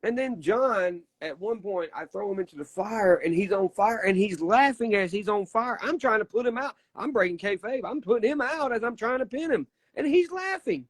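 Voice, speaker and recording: A man's voice: sits high, lively intonation, normal speed, few pauses, dry recording. A man, a wrestler telling stories in a casual interview, folksy, emphatic and profane. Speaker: wrestler guest.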